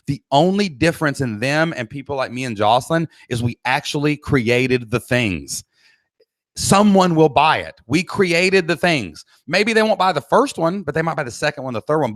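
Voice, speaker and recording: With a medium-pitched Southern American voice, a middle-aged coach hosts a live-streamed business training, reading chat questions and urging everyone watching to get moving. His tone is blunt, pushy and full of energy. Despite the cheap laptop desk mic, the sound is dry and clean, like a studio.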